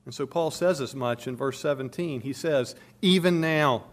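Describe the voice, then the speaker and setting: A man's voice: mid-range voice, moderate pace. A man preaching a sermon, expounding a passage with emphatic stress, his volume rising and falling.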